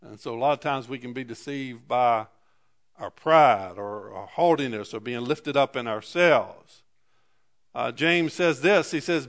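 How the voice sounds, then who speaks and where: A man preaching a sermon in a halting way, often repeating words and asking the congregation for an amen. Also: mid-range voice.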